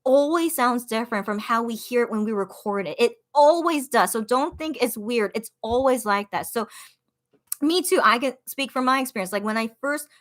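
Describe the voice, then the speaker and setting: A young woman hosting a casual livestream, reading viewer comments aloud in a chatty, upbeat way with lots of fillers and sudden high excited bursts. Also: moderate pace. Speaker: livestream radio-style host.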